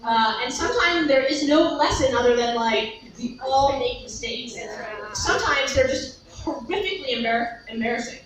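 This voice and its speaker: A woman telling a story at a summit in an animated, laughing way, full of fillers. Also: high-pitched, normal speed, crowd noise. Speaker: panel speaker at a summit. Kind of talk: storytelling talk. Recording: echoey hall recording from far off.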